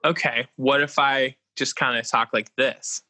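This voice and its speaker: A man's voice: mid-range voice, fairly even intonation, unhurried, bright, forceful tone, no room sound. A man co-hosting a podcast from his phone over a laggy video call, flustered and laughing at his connection trouble. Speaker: podcast co-host.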